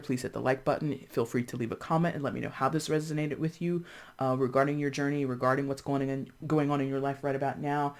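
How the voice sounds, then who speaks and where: A tarot reader giving a casual reading to camera, chatting freely with many fillers and restarts and acting out how other people would react. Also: medium pitch. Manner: thinks aloud with frequent fillers and restarts.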